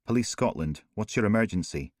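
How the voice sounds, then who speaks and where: A man's voice: lowish voice, lively intonation, brisk, dry recording, studio quality, lightly acted. A man voicing a police emergency operator, firm, insistent and controlled.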